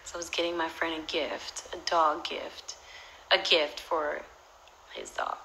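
Young woman, livestream storyteller on a phone; bright, gravelly delivery, loud then whispered, very profane. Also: deep voice, measured pace, a little hiss or hum, poor audio. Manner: animated and profane, swinging between loud outbursts and whispered asides. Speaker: social media personality on a livestream.

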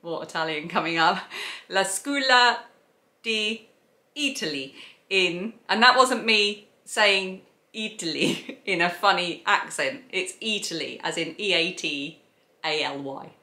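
Rambling South East London woman host, casual chat, slightly low voice. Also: measured pace, bright, forceful tone, reverberant. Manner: chatty, enthusiastic, rambling. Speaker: podcast host.

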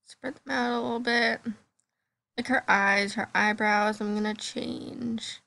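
Bubbly high-voiced female gamer. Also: unhurried, gravelly. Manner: bubbly, excitable chatter. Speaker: gaming channel host. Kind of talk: casual gameplay commentary.

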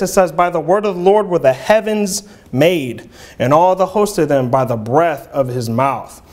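A man preaching an earnest, halting sermon in a church, with frequent fillers and restarts. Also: sits high. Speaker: lay preacher.

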